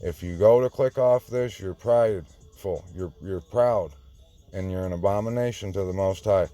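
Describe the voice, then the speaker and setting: Low-voiced guy preaching slow and pushy, mellow tone, faint music behind. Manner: insistent, confrontational, repeats himself. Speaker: online preacher. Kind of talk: informal sermon.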